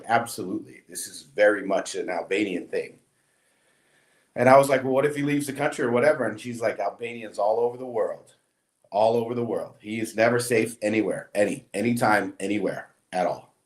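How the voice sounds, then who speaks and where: A man casually recounting a story, acting out quoted dialogue as he goes. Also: medium pitch. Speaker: guest.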